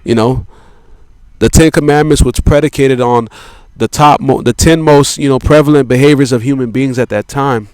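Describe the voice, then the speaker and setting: A man delivering a rambling philosophical monologue, profane and repetitive, leaning on filler words and slow, drawn-out emphasis. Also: medium pitch, a little mellow, clean tone, dry recording, studio quality. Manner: profane, repetitive, peppered with "you know" and "man".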